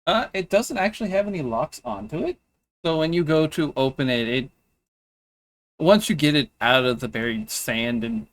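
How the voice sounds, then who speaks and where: A man running a tabletop game as game master, narrating haltingly with many restarts. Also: mid-range voice, a bit bright. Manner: halting, restarts often, laughs between lines.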